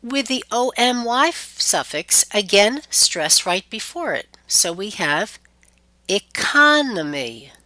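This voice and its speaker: A woman teaching pronunciation in a clear, deliberate scripted lesson, stretching out example words. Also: medium pitch, animated, sharp tone, dry recording.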